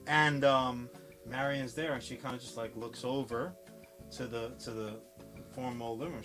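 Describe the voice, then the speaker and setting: A man's voice: mid-range voice, fairly even intonation, moderate pace, music in the background. A man casually recapping a film on a podcast, swearing often and acting out the characters' lines. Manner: profane, rambling storytelling with acted quotes. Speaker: podcast co-host.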